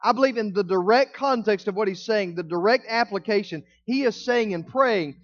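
A man preaching a sermon as pastor, stressing key words by slowing down and stretching them out. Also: sits high, highs cut off.

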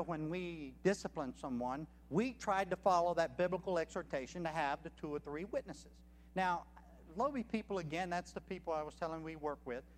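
A man with a high voice preaches to a congregation, pressing each point with emphasis and numbering his arguments. His words ring out with a long reverb through a church hall. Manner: emphatic, counts points off one by one. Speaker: missionary preacher. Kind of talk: sermon.

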